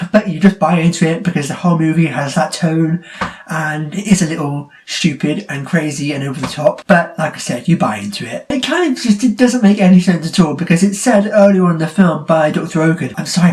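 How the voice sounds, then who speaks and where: Chatty, high-voiced male movie reviewer. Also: a little mellow. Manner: chatty, incredulous, laughs often. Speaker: film reviewer. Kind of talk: casual spoken movie review.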